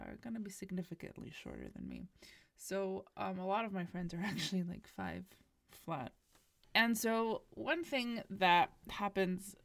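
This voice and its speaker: A woman's voice: mid-range voice, gravelly, no echo. Woman telling a wry story, dry sound. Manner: wry storytelling, laughs at her own anecdotes. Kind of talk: casual chat.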